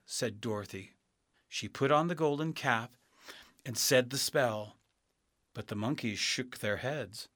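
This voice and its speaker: A man reading a storybook aloud, slow and expressive. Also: mid-range voice, dry recording, studio quality. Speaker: narrator.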